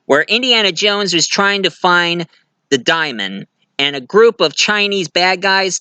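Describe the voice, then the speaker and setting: A man's voice: sits high, pushed and bright, clean tone, dry recording. A man giving a casual movie review, retelling the plot in a rambling way with fillers and restarts.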